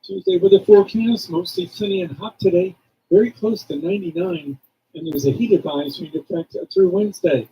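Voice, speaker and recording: A man reading a radio weather forecast as a meteorologist, in a measured, matter-of-fact way, with a dull muffled lo-fi sound. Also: high-pitched, slightly rough.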